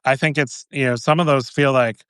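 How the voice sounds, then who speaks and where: Man with a smooth, dry voice. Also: medium pitch, fairly even intonation, fairly bright tone, no echo. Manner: measured, with many um fillers. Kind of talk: casual interview answers.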